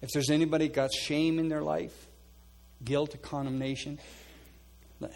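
With a gravelly voice, measured pace, and little movement in pitch, a male pastor preaches earnestly, then calls listeners forward and prays for them. He goes quiet and low whenever he quotes a prayer, all within a sermon featuring an altar call.

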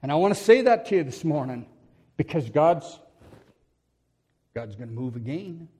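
A middle-aged man preaching a sermon in a church, telling stories with laughs and acting out quotes, moving between loud bursts and quiet passages. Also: a little high, big pitch swings, moderate pace, breathy edge.

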